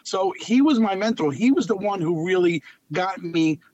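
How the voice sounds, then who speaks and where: A man, a clown telling lively stories as an interview guest and repeating phrases for emphasis. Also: high voice, moderate pace, no echo. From Long Island, New York. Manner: animated anecdotal storyteller, repeats phrases for emphasis. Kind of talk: casual storytelling interview. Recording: dull lo-fi audio.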